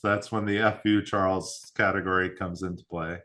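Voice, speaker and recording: Bright-voiced man hosting a whiskey tasting. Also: deep voice, moderate pace. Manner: relaxed, reads out mash bills and tasting notes. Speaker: whiskey club host. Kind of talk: casual tasting chat.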